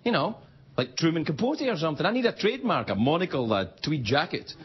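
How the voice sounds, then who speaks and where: A late-night host talks fast in a somewhat high voice full of huge pitch swings, impersonating people as he quotes them during a stand-up style monologue. Recorded as dull broadcast audio in a TV studio, it carries a little hiss or hum and loud audience laughter.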